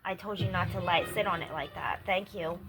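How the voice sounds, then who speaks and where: A woman's voice: fairly low pitch, steady tone, a little fast, a crowd in the background, rough recording. A woman vlogging at home, venting in an upset, rambling way with many restarts, while a TV plays in the room. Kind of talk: personal vlog, venting. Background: TV dialogue and music playing in the room.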